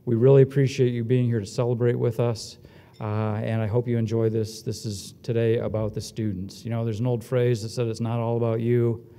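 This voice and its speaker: A man warming up a crowd at a ceremony, breezy and self-deprecating, cracking jokes between announcements. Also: mid-range voice, level tone, fairly quick. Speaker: event emcee. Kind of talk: joking welcome speech. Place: hotel ballroom. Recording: long hall reverb.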